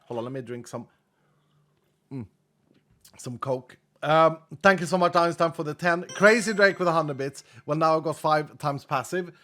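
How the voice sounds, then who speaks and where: A man streaming casually at a normal pace, his voice bright with a pushed quality, though a cracked rib keeps him subdued and holding back. He reads out donations in a low-key, chatty way, thanking viewers one after another.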